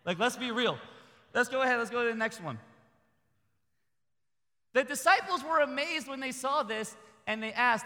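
A man preaching a sermon in a conversational, humorous way that builds to loud, high peaks. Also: expressive, normal speed, pauses often, big-room sound.

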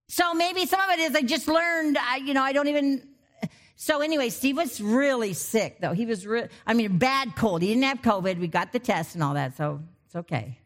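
In a chatty sermon, this middle-aged female preacher keeps slipping into lively tangents and stories from her own life, then returns to the passage. Her pitch is high and her pace moderate.

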